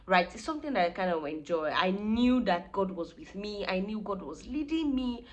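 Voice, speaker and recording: An earnest young woman speaks straight to her viewers in a relaxed, reflective vlog. Her voice sits at an ordinary middle pitch, and she sounds sincere and heartfelt. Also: normal speed, highs cut off. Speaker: vlogger. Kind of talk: casual reflective talk to camera.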